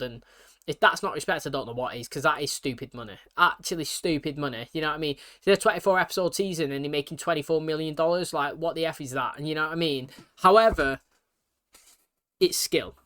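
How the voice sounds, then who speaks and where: A British man talking fast and casually, full of slang and fillers, reacting to a TV episode for his channel. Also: a little high, pushed and bright.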